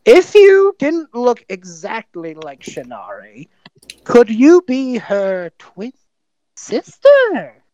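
A woman's voice: on the high side, huge pitch swings, slow, warm tone, no room sound, lo-fi sound, pitched above the performer's own voice, exaggerated voice. A woman voicing Elian, a patient man who coaxes others like children. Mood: coaxing. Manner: coaxing, soothing.

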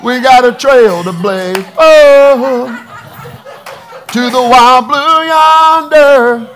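A man's voice: very high-pitched, extremely slow, a bit bright, soft background music, pitched above the performer's own voice, full character voice. A male preacher voicing Jesus as a jovial trail boss with a southern accent, drawling and rallying his riders. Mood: hearty rallying. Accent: American Southern.

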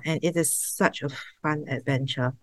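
Brief: low-pitched woman, dry close recording, earnest heartfelt testimony as a podcast guest. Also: steady tone, normal speed, no room sound. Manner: emotional, heartfelt, sometimes laughing and tearful. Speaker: interview guest, server founder. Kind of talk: personal testimony.

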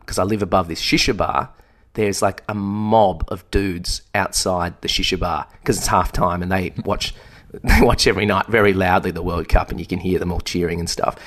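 A man's voice: deep voice, a bit bright. A young man co-hosting a casual chat, telling a rambling, self-deprecating story. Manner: rambling, self-deprecating, acts out quoted voices. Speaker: podcast co-host.

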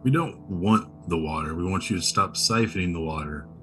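A man playing a tabletop game who speaks calmly and bluntly, with quiet threats. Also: deep voice, fairly quick, faint music behind. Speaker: player. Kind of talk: in-character tabletop play.

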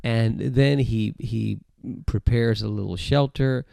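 A man's voice: medium pitch, fairly even intonation, takes it slowly, vocal fry, warm tone, no room sound, clean studio sound. A man preaching a Bible talk to camera in a conversational way, often repeating words and restarting. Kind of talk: sermon-style Bible teaching to camera. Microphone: camera mic, close.

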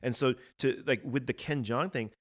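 A man's voice: mid-range voice, moderate pace. A man co-hosting a podcast, giving his opinions in a casual, earnest way and often repeating words as he starts a point. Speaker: podcast co-host.

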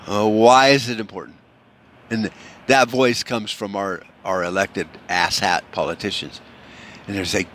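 A man's voice: on the low side, moderate pace, a bit bright. A man from the United States in a casual, profane rant, rambling and sarcastic, with frequent swearing and restarts.

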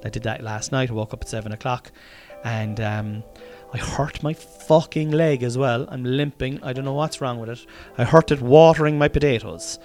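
A man's voice: medium pitch, normal speed, a little mellow, soft background music. An Irish man hosting his own podcast in a rambling, tired, casual diary style, swearing often and restarting sentences. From Ireland. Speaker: podcast host.

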